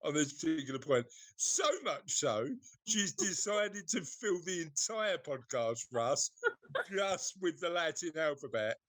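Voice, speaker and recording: A man's voice: fairly high pitch, expressive, a little slow, fairly bright tone, no room sound. A man co-hosting a podcast in casual chat, teasing and rambling with many fillers. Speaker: podcast co-host.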